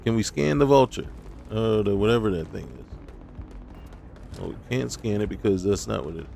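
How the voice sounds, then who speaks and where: A man's voice: fairly low pitch, normal speed, creaky, dark tone, a little hiss or hum. A man giving casual gameplay commentary, talking to himself and scolding enemies in mock indignation. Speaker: gaming YouTuber.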